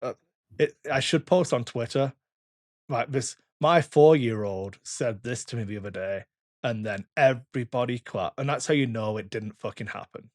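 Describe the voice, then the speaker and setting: A man in his thirties rambles through a long story on a casual podcast, swearing freely as he goes. His voice sits at an ordinary pitch, and the recording is dry with no room sound. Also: moderate pace, no room sound. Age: 30s. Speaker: podcast co-host. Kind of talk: casual chat.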